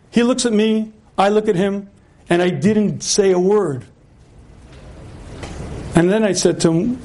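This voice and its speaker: A man giving a religious lecture as a storyteller who acts out the voices in his dialogue and often clears his throat. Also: high-pitched, moderate pace. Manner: animated storyteller acting out dialogue.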